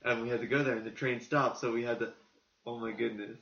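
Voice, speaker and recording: Bright-voiced man co-hosting a podcast, roomy and lo-fi. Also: mid-range voice, fairly even intonation, gravelly. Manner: chatty, quick to jump in and riff. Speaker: podcast co-host. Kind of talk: casual podcast chat. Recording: roomy, dull lo-fi sound with faint noise.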